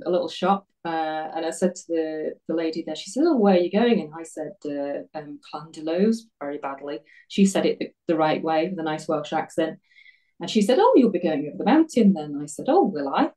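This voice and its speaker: A woman in her fifties chats through her story as an interview guest, self-deprecating and quick to laugh. Her voice sits a little low and sounds mellow and soft-edged. She is picked up from some distance, so she sounds set back from the mic. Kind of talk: casual interview chat.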